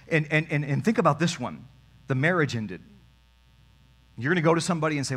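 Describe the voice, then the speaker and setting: A man's voice: on the high side, animated, a little fast, fairly bright tone. A man preaching a sermon as pastor, talking straight to his congregation with emphasis.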